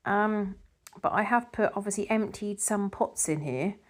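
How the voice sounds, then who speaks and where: A woman's voice: medium pitch, measured pace. A middle-aged woman chatting casually as a garden vlogger, rambling a little with fillers. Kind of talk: casual vlog narration.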